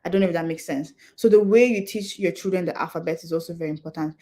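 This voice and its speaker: A young woman addresses a conference audience in a slightly low voice. She explains her points patiently and earnestly, like a practical adviser. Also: quick pace, a little mellow. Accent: non-Nigerian English accent. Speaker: conference speaker. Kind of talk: talk to an audience.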